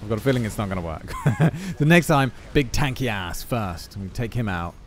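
A man giving jokey, self-mocking gameplay commentary with quick asides. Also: on the low side, expressive, a little hiss or hum. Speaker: gaming YouTuber.

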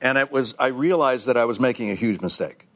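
Older man telling animated stories. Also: medium pitch, a little fast. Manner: animated storyteller, acts out other people's voices. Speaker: guest actor. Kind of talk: casual anecdotal chat. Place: TV talk show studio.

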